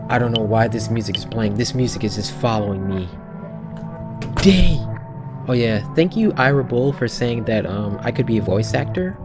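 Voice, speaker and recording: A man's voice: fairly low pitch, brisk, hardly any pauses. A young man hosting a let's-play video, talking playfully and jumpily to his viewers. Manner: playful, jumpy, talks to viewers. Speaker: gaming video host. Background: faint game music.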